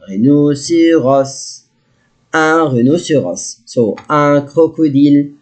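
A man with an Egyptian accent teaching a French lesson, slowly modeling each word and explaining in English. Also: fairly high pitch. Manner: slow, patient, drawn-out modeling of words; switches between English and French. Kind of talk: recorded classroom lesson.

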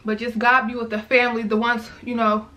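A woman's voice: a little high, little pitch movement, a little fast, sharp tone, rough recording. A woman, a mother, speaking heartfelt and unscripted to her viewers in a casual vlog, often calling them "y'all" and repeating herself. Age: adult, mother of young girls. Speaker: vlogger. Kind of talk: emotional casual commentary to viewers.

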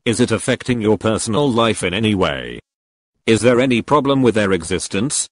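A male text-to-speech voice reading and reacting to fan confessions, with an emotionless, flat manner. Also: fairly low pitch, fairly quick, dry recording. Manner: emotionless, flat synthetic delivery.

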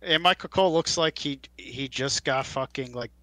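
Man, podcast co-host, casual profane chat, mock-angry rants, bright tone, dry close sound. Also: medium pitch, normal speed, no room sound. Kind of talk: casual chat recapping wrestling.

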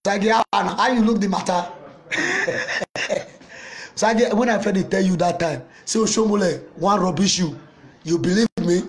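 A man with a Nigerian accent playing a loud, mocking older Nigerian mama in a comedy skit, scolding and teasing someone. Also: high-pitched, fairly quick. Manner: taunting, scolding, laughing at the listener.

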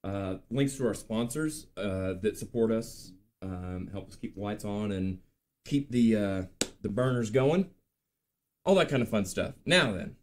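A man in his late thirties hosting a live show, telling stories in a chatty, animated way with lots of ums and uhs. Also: on the low side, unhurried, a little hiss or hum. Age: late 30s. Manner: chatty, animated storytelling with filler words. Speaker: podcast host. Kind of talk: casual live-stream chat.

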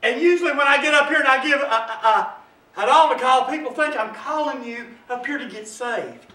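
High, bright-voiced preacher in an echoey church. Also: male voice, brisk. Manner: preaching, swings from hushed to shouting. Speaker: pastor. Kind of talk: sermon. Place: church sanctuary. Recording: echoey church from far off, music behind.

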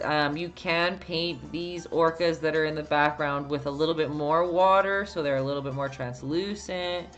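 A woman's voice: low voice, fairly bright tone, muffled recording. A Canadian woman with a Canadian accent teaching a casual live-stream painting lesson, chatty, answering viewer chat and laughing often. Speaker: painting instructor.

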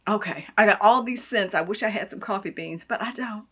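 A woman vlogging a casual unboxing, gushing and effusive, swinging between hushed asides and loud exclamations. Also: medium pitch, fairly quick, husky. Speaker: beauty vlogger.

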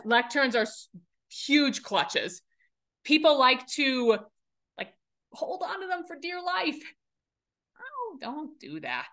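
A woman coaching public speaking in a webinar, talking in an enthusiastic, animated and emphatic way. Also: sits high. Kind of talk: webinar presentation.

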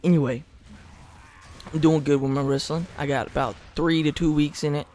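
A man's voice: fairly high pitch, fairly even intonation, normal speed, darkish tone, slight background noise. Teenage male gamer, casual commentary, rambling, self-mocking, close mic. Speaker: gaming commentator. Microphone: close desk mic.

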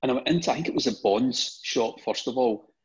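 A middle-aged Scottish man with a mid-range, slightly rough voice talks fairly quickly as a guest on an interview show. He tells casual anecdotes, often repeating words at the start of his phrases. The recording is dull and lo-fi.

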